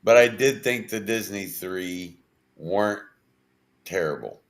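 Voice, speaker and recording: A man co-hosting a podcast about paranormal topics, chatting casually with deliberate, drawn-out phrasing. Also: deep voice. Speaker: podcast co-host. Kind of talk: casual chat.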